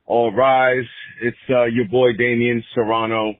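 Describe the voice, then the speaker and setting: A man in his forties, a caller on a sports talk show, ranting angrily about his team with swearing and loud outbursts. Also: mid-range voice, level tone, a little slow, no echo. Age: 40s. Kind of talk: angry sports fan rant. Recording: tinny phone line.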